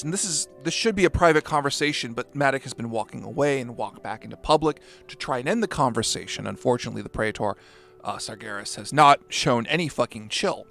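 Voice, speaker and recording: A man's voice: mid-range voice, fast, creaky, fairly bright tone, faint music behind. A man narrating a tabletop game as game master, with wry asides and swearing. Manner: swearing, wry asides, voicing characters in quotes.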